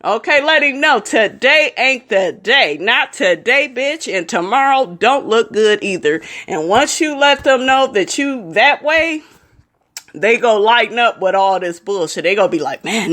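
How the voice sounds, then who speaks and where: A woman's voice: on the high side, expressive, unhurried, fairly bright tone. Woman vlogger ranting to her viewers, blunt and cussing a lot. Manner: blunt, profane and emphatic, addresses viewers. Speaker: commentary vlogger. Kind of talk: casual commentary.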